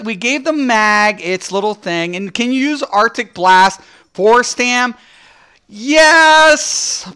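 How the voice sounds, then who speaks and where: A man giving profane, excitable commentary as he reacts to game patch notes, swearing constantly and breaking into laughter. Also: high-pitched, clean tone. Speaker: gaming streamer.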